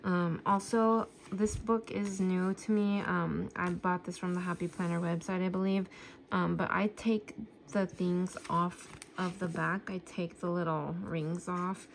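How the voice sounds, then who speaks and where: A woman with a gravelly fry in her voice, chatting casually as she pages through a sticker book. She sounds a little out of breath and fills her talk with "um"s. A faint hiss sits under her voice. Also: fairly low pitch, level tone, measured pace. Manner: chatty, with frequent "um" fillers. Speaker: planner vlogger.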